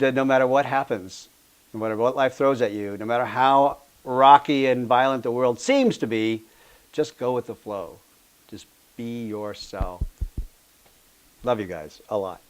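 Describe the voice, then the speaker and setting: Man with gentle heartfelt delivery. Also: mid-range voice. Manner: gentle, heartfelt, laughs easily. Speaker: tai chi teacher. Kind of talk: casual talk and storytelling to a class.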